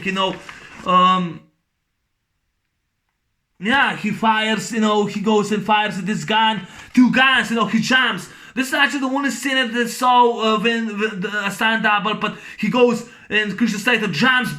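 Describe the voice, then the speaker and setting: Movie reviewer, male, high-pitched and bright; casual rambling recap, many fillers, bursts into sound effects. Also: steady tone, a little slow. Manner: laughs while recounting scenes.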